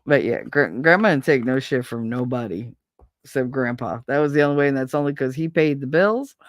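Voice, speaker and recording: A middle-aged woman with a New York accent telling animated, profane stories in a casual chat as a show host. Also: extremely low pitch, fairly quick, dry recording, clean studio sound. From Brooklyn, New York. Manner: animated, profane, acts out neighborhood voices.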